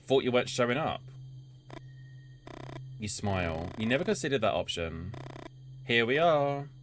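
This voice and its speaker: A man reads a story game's narration aloud on stream, keeping it even, then chats and swears in asides about what unfolds. He talks at a normal speed in a very animated, medium-pitched voice, against game music and a noisy background.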